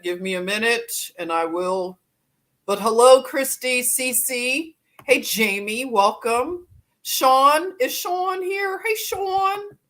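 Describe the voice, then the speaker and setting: A woman hosting a casual livestream, greeting viewers by name and laughing often as she chats. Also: on the low side. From Philadelphia. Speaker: livestream host.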